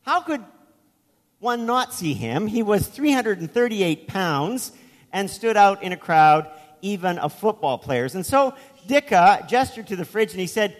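A man's voice: sits high, very animated, measured pace, big-room sound. A man preaching a sermon as pastor, telling a story in a conversational way with asides.

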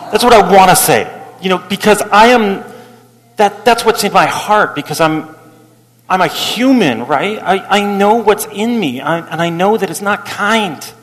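A man preaching from the pulpit, slipping into little voices for the people in his stories and chuckling at his own anecdotes. His voice sits a bit high for a man. The sound carries a long reverb from a large church hall. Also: normal speed. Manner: animated, acts out quotes, laughs while telling. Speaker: pastor. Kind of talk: storytelling sermon.

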